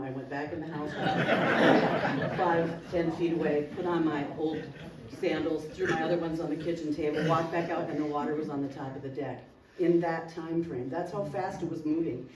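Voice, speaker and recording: A woman's voice: deep voice, steady tone, normal speed, hardly any pauses. A woman, a local resident, telling an emotional personal story at a community meeting, acting out the dialogue vividly. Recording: roomy hall, distant mic, faint noise.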